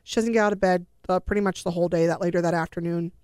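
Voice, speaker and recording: A woman's voice: on the low side, steady tone, very fast, darkish tone, clean tone, no room sound, clean studio sound. A woman in her forties, a mother earnestly recounting a family story as an interview guest, sighing often and acting out what each person said.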